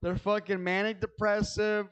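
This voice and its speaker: High, smooth-voiced ranting stand-up man. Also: level tone, normal speed, a bit bright, poor audio. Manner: profane, agitated ranting with stammered restarts. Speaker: stand-up comedian. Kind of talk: stand-up comedy rant.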